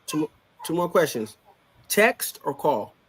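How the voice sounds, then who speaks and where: A man co-hosting a casual podcast chat, joking around and dropping quick asides. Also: fairly high pitch, sing-song, background noise. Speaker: co-host.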